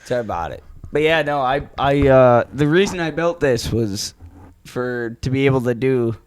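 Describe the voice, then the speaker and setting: A man's voice: mid-range voice, unhurried, over a noisy crowd. A man from Wisconsin, a podcast host, chatting loosely with profanity among friends. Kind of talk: casual chat.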